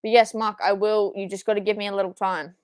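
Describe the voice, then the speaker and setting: A young woman hosting a live watchalong, reacting excitedly, swearing and yelling at the screen, then repeating her frustration. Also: mid-range voice, fast, clean tone, no echo. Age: young adult. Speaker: watchalong streamer.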